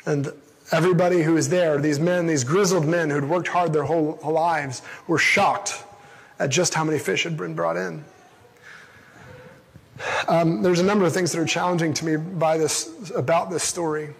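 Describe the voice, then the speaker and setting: A man's voice: a little high, steady tone, moderate pace, creaky, slightly rough. A man preaching a casual, conversational sermon into an amplified microphone, reading a Bible passage and then retelling it in everyday words. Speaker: pastor. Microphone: amplified through a sound system. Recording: long reverb in a large hall.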